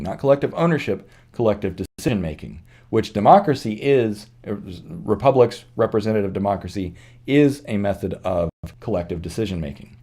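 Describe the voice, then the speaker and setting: A man's voice: on the low side, normal speed, a little mellow. A man hosting his channel, talking through his ideas in an earnest, reflective monologue, often restarting and correcting himself mid-sentence. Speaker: channel host. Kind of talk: unscripted monologue commentary.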